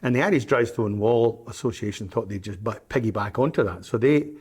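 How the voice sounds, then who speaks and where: A man's voice: on the low side, fairly quick, a little mellow, breathy edge. An older man, telling stories as an interview guest, rambling and hesitant with frequent ums and restarts. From Scotland, Isle of Arran. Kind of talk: anecdotal storytelling in an interview.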